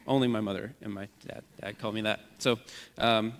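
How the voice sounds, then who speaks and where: A man's voice: on the low side, steady tone, normal speed, a bit bright, smooth, in a large hall. A man preaching a sermon as the church's pastor, speaking with an earnest, repetitive preaching cadence.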